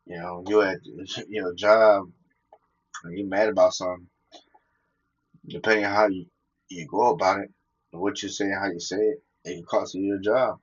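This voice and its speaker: A man's voice: low-pitched, steady tone, normal speed, long pauses, breathy edge, muffled recording. A man talking casually and profanely, telling personal stories and quoting scripture, laughing between his points.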